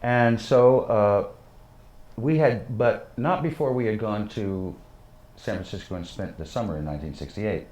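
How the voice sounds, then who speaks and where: A man's voice: fairly low pitch, a little slow, a little mellow. An older man, a guest musician, tells rambling stories full of fillers in an interview on a living-room studio set. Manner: rambling, anecdotal with many fillers. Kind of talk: storytelling interview. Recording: roomy studio sound.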